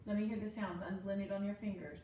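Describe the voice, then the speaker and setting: A woman's voice: medium pitch, steady tone, fast talker, warm tone, a little hiss or hum. A woman tutoring a student one-on-one in spelling and phonics, giving patient step-by-step prompts. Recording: echoey room from a distant mic with faint ambience.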